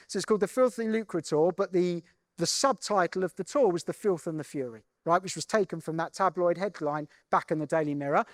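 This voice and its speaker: A man's voice: sits high, dry recording, studio quality. A man giving a conference keynote, telling a story in a conversational way and often checking in with the audience. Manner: conversational, keeps checking in with "right?". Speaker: keynote speaker. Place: conference main stage.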